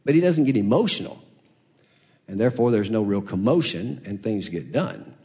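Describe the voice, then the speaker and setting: Animated preacher man, big swings. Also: lowish voice, moderate pace. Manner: dramatic swings from hushed to loud preaching. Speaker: pastor. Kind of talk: sermon.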